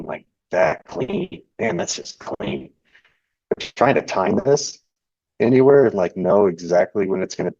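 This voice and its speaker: A young man with a very low voice hosts a live trading stream from home. He talks loosely and rambles as he reads viewer chat and walks through charts. The sound is dull and dry, like lo-fi stream audio. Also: no echo. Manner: relaxed and rambling, reading chat and charts aloud. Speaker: live trading show host. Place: home indoors.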